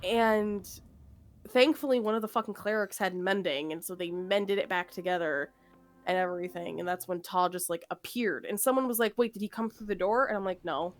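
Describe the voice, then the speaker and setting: A woman's voice: on the low side, moderate pace, faint music behind. Chatty woman telling a rambling story. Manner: rambling, lots of fillers, laughing. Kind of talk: casual storytelling.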